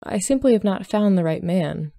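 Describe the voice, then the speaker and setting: A woman's voice: mid-range voice, expressive, normal speed, creaky, dark tone, no room sound, studio quality. A woman voicing a composed young Regency-era lady matchmaker, speaking mildly and politely. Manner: mild, poised and polite.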